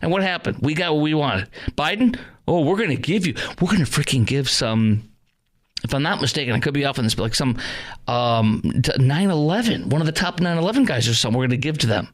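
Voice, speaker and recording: A man hosting a political talk radio show, ranting in a fired-up way, his voice climbing high when he gets worked up. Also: lively intonation, fast.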